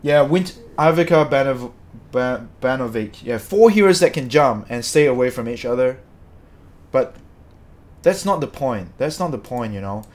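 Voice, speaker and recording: A man's voice: medium pitch, animated, moderate pace. Angry swearing man ranting. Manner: angry, swearing, repeats himself. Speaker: streamer. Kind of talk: ranting game commentary to chat.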